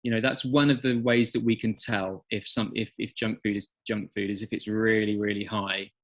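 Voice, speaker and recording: A middle-aged man with an English accent, a guest on an interview podcast, telling stories with animated acted-out quotes. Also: lowish voice, moderate pace. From England. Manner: animated storyteller, acts out quotes. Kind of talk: conversational interview.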